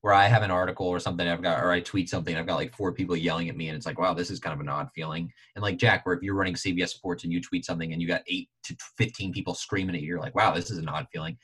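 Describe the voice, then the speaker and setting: A man hosting a sports podcast, talking in an animated, exasperated casual chat. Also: slightly rough. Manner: animated, exasperated, quick to jump in pitch. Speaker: podcast host.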